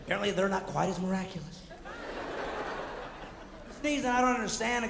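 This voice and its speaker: A man performing energetic, mocking stand-up comedy on stage, acting out the voices he quotes. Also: high voice, a little fast, creaky, pauses often. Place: theater stage before a live audience. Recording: roomy hall with audible audience noise.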